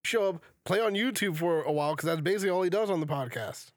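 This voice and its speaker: A man's voice: high voice, fast, no echo, clean studio sound. Laid-back man with a raised voice. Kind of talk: casual chat.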